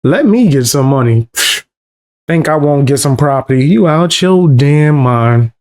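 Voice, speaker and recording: A male co-host with a slightly raised pitch reacts loosely and playfully. He talks in slang, riffs freely, and breaks into laughter as he goes. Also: a little slow. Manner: animated, slangy, laughing often. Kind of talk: casual reaction chat.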